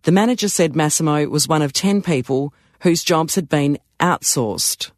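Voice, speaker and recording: A man narrating a story in a calm, measured way. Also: fairly high pitch, dry recording, clean studio sound.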